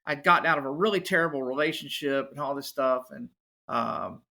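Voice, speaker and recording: Bright-voiced man telling his story. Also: medium pitch, brisk, gravelly. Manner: animated, acts out other people's voices. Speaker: podcast guest, musician. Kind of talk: casual storytelling.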